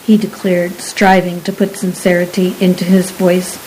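A woman narrating a story in a measured audiobook reading. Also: fairly low pitch, level tone, a little mellow, a little hiss or hum, rough recording.

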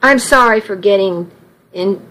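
Woman reading jilted bride, weepy and pleading, slow. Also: mid-range voice, fairly bright tone, lightly acted, poor audio. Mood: tearful. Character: tearful jilted young bride.

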